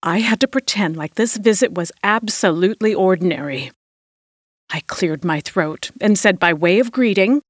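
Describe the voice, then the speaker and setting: A woman reading a first-person story aloud as an audiobook narrator, with an expressive, dramatic delivery. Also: mid-range voice, no room sound, clean studio sound.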